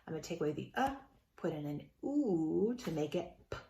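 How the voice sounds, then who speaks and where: Female teacher, low gravelly voice, patient phonics lesson for kids, roomy echo. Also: expressive, warm tone. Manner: slow, sounds out words, encouraging. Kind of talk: remote phonics lesson for young children.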